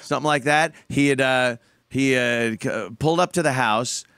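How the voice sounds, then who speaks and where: A man's voice: mid-range voice, normal speed, fairly bright tone, clear, resonant tone, dry recording, studio quality. Crude, profane man telling stories. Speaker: podcast host. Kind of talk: casual chat.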